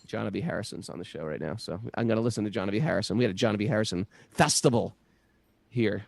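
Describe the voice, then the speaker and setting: A middle-aged man talking casually about spiritual practice, an animated storyteller who acts out the voices in his stories. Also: lowish voice, fast, creaky, no echo. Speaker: podcast co-host.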